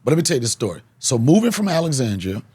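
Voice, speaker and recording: A man from the Washington, D.C. area hosting a podcast, telling a comic story with loud punchlines and bursts of laughter. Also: medium pitch, big pitch swings, racing, slightly rough, dry recording. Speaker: podcast host, comedian.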